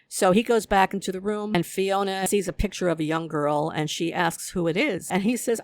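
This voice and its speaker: Show recap host, gravelly voice, dry close sound, acts out the characters' lines while retelling. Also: mid-range voice, normal speed, no echo. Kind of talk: casual episode recap.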